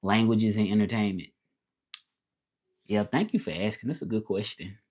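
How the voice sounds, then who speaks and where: A man from Memphis, Tennessee, in the United States, speaks in a fairly low, darkish voice at a moderate pace with a Southern US drawl. He chats casually on a livestream as a language teacher, laid-back and repeating himself while answering viewers.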